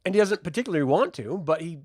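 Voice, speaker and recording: Casual male reviewer, animated and slightly high voice, dry close sound. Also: quick pace, no echo. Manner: chatty, profane, loses track of names. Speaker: TV review host.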